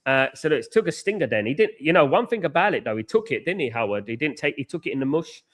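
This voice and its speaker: A man's voice: on the high side, sing-song, quick pace, fairly bright tone. Chatty man hosting a live football watchalong. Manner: chatty, thanks viewers, repeats himself. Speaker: watchalong host.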